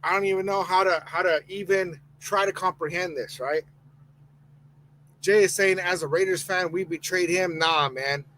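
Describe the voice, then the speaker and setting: High-voiced heated podcast host. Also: male voice, steady tone, normal speed, fairly bright tone, slight background noise, rough recording. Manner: heated, exclaiming, reads chat comments aloud. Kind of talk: live-stream sports podcast rant.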